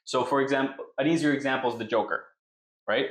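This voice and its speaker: A man talks loosely through his ideas on a podcast, in a relaxed, conversational way. He keeps asking "right?" to check that the listener is following. His middle-range voice echoes noticeably in the room. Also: medium pitch, quick pace. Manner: explains with many "right?" tags. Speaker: podcast co-host. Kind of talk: casual chat.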